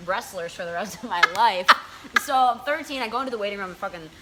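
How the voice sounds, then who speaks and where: A young woman hosting a casual chat, telling a story in an animated, profane way and mimicking the people in it. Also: medium pitch, quick pace, heavy background noise. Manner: animated, profane, does voices of people in her stories. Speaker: host.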